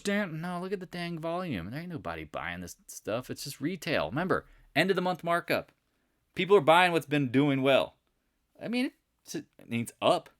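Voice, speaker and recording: A man's voice: medium pitch, fairly bright tone, dry recording, clean studio sound. A man giving a casual, jokey trading recap over charts, talking straight to his viewers and answering questions he imagines them asking. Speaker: market analyst host.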